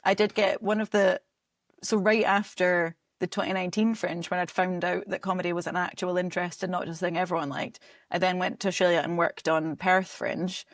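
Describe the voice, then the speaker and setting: A woman's voice: fairly low pitch, dry recording, clean studio sound. A young Scottish woman chatting casually on a podcast as a guest, laughing often and filling her talk with "like". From Scotland. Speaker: comedy director and promoter, guest.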